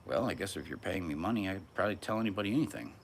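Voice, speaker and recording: A man's voice: low-pitched, lively intonation, rapid-fire, slight background noise. A man in his thirties rambling through a profane, musing solo live stream outdoors on a hot day. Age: 30s. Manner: musing, profane, wandering monologue.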